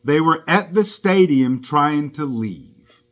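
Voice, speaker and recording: A rideshare driver recounts his own clash with the police, sounding indignant and wronged as he tells it. His voice sits on the high side and is animated, though he speaks at a slow pace.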